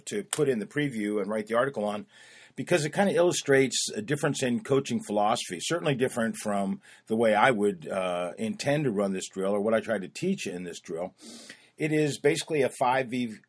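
Rambling low-voiced man hosting a podcast. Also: husky. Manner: rambling, filler-heavy with frequent "uh" and "um". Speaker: podcast host. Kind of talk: casual spoken podcast intro.

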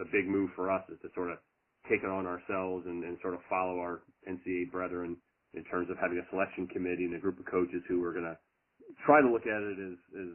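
A middle-aged man, a college lacrosse head coach, answering interview questions earnestly and at length with many fillers. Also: low voice. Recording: tinny phone line.

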